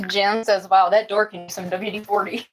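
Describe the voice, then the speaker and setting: A woman's voice: fairly even intonation, normal speed, rough recording. Chatty woman hosting a home live stream. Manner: chatty, coos in high baby talk to puppies. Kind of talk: casual live-stream chat. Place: indoors at home.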